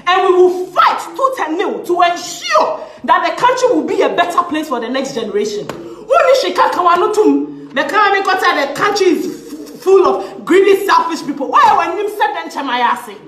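A woman with a Ghanaian English accent vents to camera in a high voice that leaps up and down as her indignation builds. She is sarcastic and hammers her points by repeating phrases, now and then slipping into Twi. The sound is roomy and echoey. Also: big pitch swings, normal speed, a bit bright. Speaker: vlogger. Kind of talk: impassioned rant to camera. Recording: echoey room.

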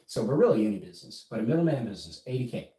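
A man's voice: medium pitch, very animated, racing, mellow. A middle-aged man giving an emphatic, casual business lesson on a livestream, often checking in with "right?". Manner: emphatic, keeps asking "right?". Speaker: business coach. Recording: echoey room.

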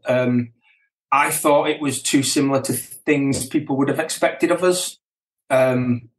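A middle-aged man and band member chatting casually as a guest, relaxed and chuckling, often restarting his sentences. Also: mid-range voice, roomy sound. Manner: relaxed, chuckling, self-correcting. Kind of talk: casual chat.

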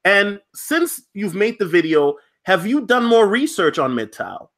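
A man's voice: high voice, sing-song, measured pace, fairly bright tone. A man hosting a casual livestream interview in an upbeat way, reading viewer comments aloud. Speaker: livestream host.

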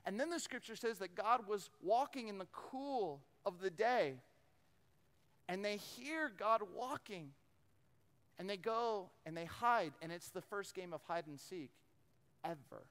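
A man preaching a storytelling sermon, animated, acting out voices and often repeating words as he goes. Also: high voice, measured pace. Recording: long hall reverb.

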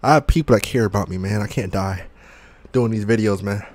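A man's voice: on the low side, fairly quick, a little mellow, dry recording. A young man gaming and chatting casually, out of breath and burning from hot wings, groaning and joking between exclamations. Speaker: gaming YouTuber.

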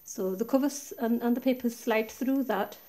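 Picture a woman at her craft table, calmly pointing out each pocket and flap of her project. Her voice is soft and mellow, chatty rather than polished, picked up by a tablet mounted a little way above her. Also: fairly high pitch, normal speed. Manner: chatty, relaxed, pointing things out step by step. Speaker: craft tutorial maker. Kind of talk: casual show-and-tell craft walkthrough. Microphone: tablet camera set high above the desk.

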